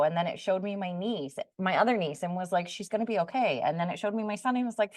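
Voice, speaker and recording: A woman's voice: lowish voice, quick pace, hardly any pauses, dry recording. A woman co-hosting a podcast, earnestly telling a personal story and acting out the remembered dialogue in casual chat. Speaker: podcast co-host.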